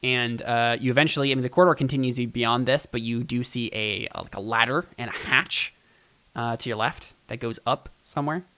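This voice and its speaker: Guy gm narrating a tabletop game, lots of ums and likes, middle pitch. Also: a little fast, sharp tone. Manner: rambling, full of "um" and "like". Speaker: game master.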